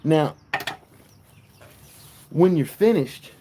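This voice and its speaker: A man's voice: on the high side, animated, extremely slow, mellow, a little hiss or hum. A man hosting a casual livestream, chatting playfully and telling a long joke. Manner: playful storyteller. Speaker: livestream host.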